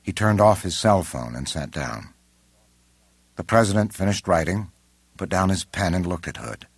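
Deep husky male audiobook narrator. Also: lively intonation, no room sound. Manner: measured, unhurried. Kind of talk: scripted narration.

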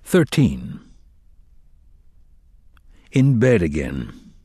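A man narrating a dark fantasy audiobook in a measured, dramatic reading. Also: low voice, very animated, breathy edge, dry recording, clean studio sound. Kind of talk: scripted narration.

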